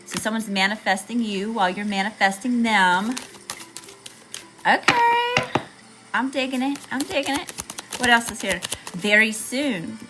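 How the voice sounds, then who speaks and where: A woman's voice: medium pitch, normal speed, noisy background. A woman with a Southern US accent giving a chatty, slangy live tarot reading to viewers, calling them y'all. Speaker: tarot reader.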